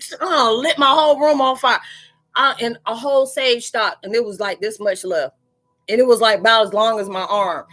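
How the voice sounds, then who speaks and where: A young adult woman hosting a casual live-stream chat, telling animated stories and laughing often. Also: fairly high pitch. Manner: laughs often, tells animated stories, talks loosely and playfully.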